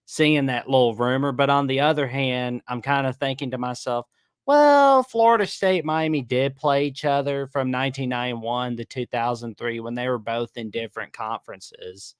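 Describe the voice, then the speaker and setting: A man's voice: medium pitch, little pitch movement, moderate pace, few pauses, smooth, no room sound, clean studio sound. A man with a Southern US accent calling in to a sports talk show, talking casually and hesitantly with many fillers. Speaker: caller. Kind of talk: casual chat on a call-in show.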